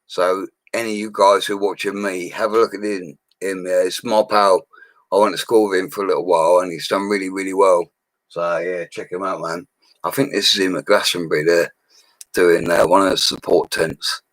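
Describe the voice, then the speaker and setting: A drunk man, a bricklayer rambling loudly to viewers on a live stream from a small room at home. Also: low-pitched, level tone, fairly quick, dry recording. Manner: rambling, loud and laddish, laughing often. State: drunk, slurring. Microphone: laptop microphone.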